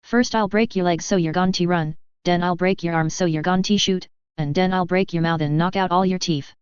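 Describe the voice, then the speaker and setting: A swaggering male orc brawler, played by a woman reading, spitting threats in rough slang. The voice is lowish and very clear, heard dry on a dull lo-fi recording. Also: steady tone, a little fast, no room sound, close to an everyday voice. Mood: menacing.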